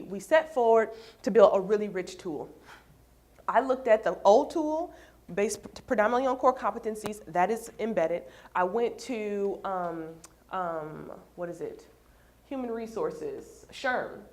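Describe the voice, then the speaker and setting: Woman running an hr training session, animated and chatty, talks to the room. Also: mid-range voice. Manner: animated, storytelling with acted quotes. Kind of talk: workplace training presentation. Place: room with an audience.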